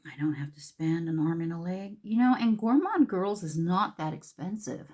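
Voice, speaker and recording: Brief: woman vlogger, lower-pitched, chatty makeup talk with whispered asides. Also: expressive, normal speed, a little mellow. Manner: chatty, drops into whispers, repeats words. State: a little out of breath. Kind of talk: casual makeup tutorial chat.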